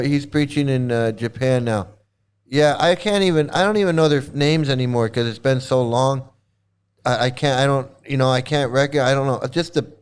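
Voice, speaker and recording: Heated, cursing man with a high, clear voice. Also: darkish tone. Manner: heated, profane, repetitive. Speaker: commentary channel host. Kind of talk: angry reaction commentary.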